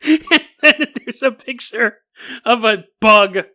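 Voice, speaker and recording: A man hosting a comedic podcast monologue, talking in an animated, mocking way and laughing often as he reads. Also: very high-pitched, slow. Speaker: podcast host.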